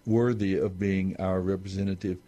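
A man explaining scripture on a talk show in a halting, measured way with many restarts. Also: sits low, level tone, mellow, dull audio. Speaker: Bible teacher on a talk show. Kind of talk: unscripted Bible discussion.

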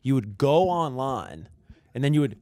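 A man's voice: medium pitch, big pitch swings, normal speed, darkish tone, no room sound, clean studio sound. A young man hosting an interview, chummy and laid-back, calling his guest "dude" and "bro". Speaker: host. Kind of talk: casual interview chat.

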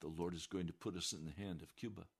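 A man preaching a sermon with passion, dropping to hushed warnings and rising to loud declarations. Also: low-pitched, steady tone, fast talker, creaky, breathy edge. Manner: impassioned, swings between hushed warnings and raised declarations.

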